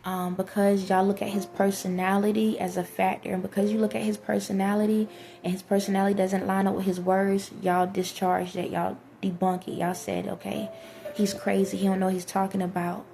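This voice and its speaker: Low gravelly woman, flat earnest monologue. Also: brisk, a little hiss or hum. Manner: earnest, rambling, addresses viewers directly. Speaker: vlogger. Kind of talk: spiritual monologue to viewers.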